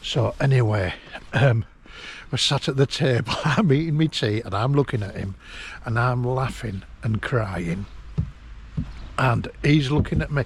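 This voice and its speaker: A man, telling a personal memory in a halting, emotional way and laughing through it, recorded outdoors in a garden. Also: medium pitch, a little hiss or hum. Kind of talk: casual storytelling.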